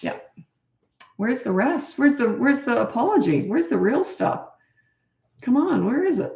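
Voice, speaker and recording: Blunt gravelly-voiced middle-aged woman. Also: a little high, big pitch swings, unhurried, darkish tone. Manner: blunt, confident, acts out quoted dialogue. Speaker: parenting coach, live Q&A host. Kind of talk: casual live-stream advice. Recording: echoey room.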